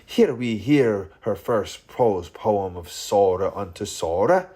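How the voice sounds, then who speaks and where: A man reading a literary audiobook aloud, lingering slowly over dense, playful wordplay. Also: lowish voice, expressive, dark tone. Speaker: audiobook reader.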